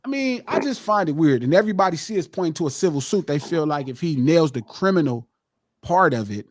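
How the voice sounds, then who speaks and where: A middle-aged man hosts a live podcast in a heated, profane lecture. His voice sits high and leaps up and down with great animation. The sound is dry and close. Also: animated, brisk, dry recording. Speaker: podcast host.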